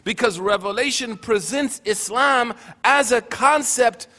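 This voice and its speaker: A man's voice: very high voice, a little slow, sharp tone. A man giving a teaching talk at a religious gathering, mixing joking asides with earnest points, in a hall with a long echo.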